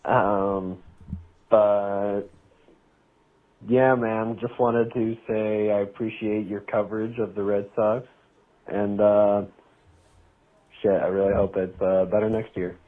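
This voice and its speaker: A man's voice: on the low side, level tone. A man from Virginia leaves a hesitant voicemail for a sports host, full of ums and uhs. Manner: slow, hesitant, many fillers. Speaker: caller. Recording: tinny phone voicemail.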